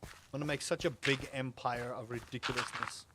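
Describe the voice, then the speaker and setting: A man's voice: mid-range voice, fairly even intonation, moderate pace, very noisy. A young man streaming a game, chatting casually and rambling to his chat while he plays. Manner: rambling, self-amused, talks to chat and to the game. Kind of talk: casual gameplay livestream chat.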